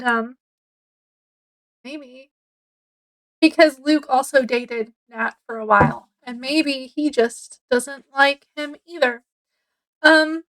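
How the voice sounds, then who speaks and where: A woman's voice: high-pitched, a bit bright, rough recording. A woman giving a casual, chatty book review, rambling a bit with fillers as she retells the plot.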